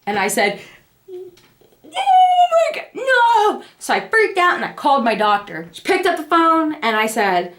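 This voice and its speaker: A woman's voice: fairly quick, hardly any pauses. A young woman casually telling her family the story of a birth, acting out the quoted lines. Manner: animated, acts out the quoted lines in a high voice. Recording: echoey room.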